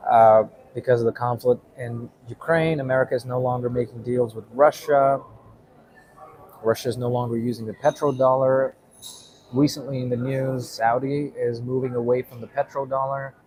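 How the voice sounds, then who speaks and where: A man's voice: medium pitch, a little mellow, poor audio. A man giving a casual explainer monologue, rambling with many fillers and tagging points with "right?". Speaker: vlogger.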